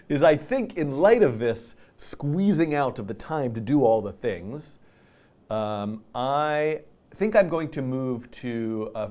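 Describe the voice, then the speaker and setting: A middle-aged man hosts a casual live stream, rambling playfully and poking fun at himself. His pitch swings widely from line to line. He sounds tired and slightly out of breath. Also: a little mellow. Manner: playful, rambling, self-deprecating. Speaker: host.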